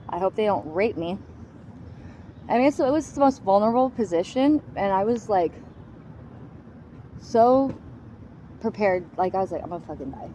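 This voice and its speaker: A woman's voice: mid-range voice, warm tone, a little hiss or hum, poor audio. Blunt, foul-mouthed woman telling her story. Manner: blunt, heavily profane, emphatic. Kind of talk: raw personal testimony.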